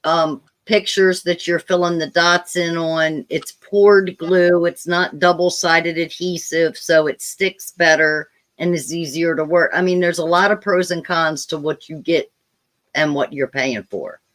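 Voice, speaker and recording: A woman's voice: on the low side, steady tone, measured pace, a bit bright. A woman moderating a casual livestream chat, reading viewer comments aloud and explaining things at length.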